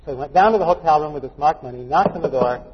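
A man's voice: on the high side, rapid-fire, slight background noise. A male pastor preaching a folksy, joking sermon full of anecdotes, recorded in a dull, echoey church hall. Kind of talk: storytelling sermon.

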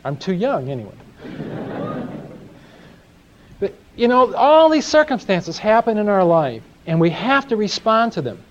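Folksy male Bible teacher, lively pitch. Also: a little slow, long pauses, slight background noise. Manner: folksy storytelling, asks audience questions. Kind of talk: sermon teaching with anecdotes. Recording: dull lo-fi live recording.

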